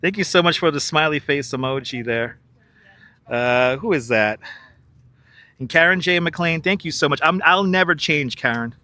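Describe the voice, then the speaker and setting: Bright-voiced jokey man live-streaming outdoors. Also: on the high side, moderate pace, no room sound. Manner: jokey, laughs a lot, chats to viewers. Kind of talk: live-stream walking commentary. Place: outdoors in Manhattan by the river. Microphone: wireless clip-on mic.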